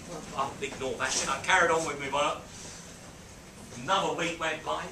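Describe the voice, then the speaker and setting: A man's voice: fairly high pitch, normal speed, sharp tone, slight background noise. A man telling a story to a small group, acting out voices and beeping sounds. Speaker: speaker mentoring a group. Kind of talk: storytelling talk to a small audience. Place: on a boat, roomy space. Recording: roomy, mic at a distance, faint ambience.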